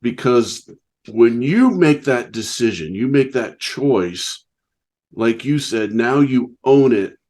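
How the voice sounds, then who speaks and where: A man's voice: medium pitch, lively intonation, slow, a little mellow. A man hosting a podcast interview, reflecting on his guest's story with short, emphatic, affirming remarks. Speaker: podcast host. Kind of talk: interview conversation.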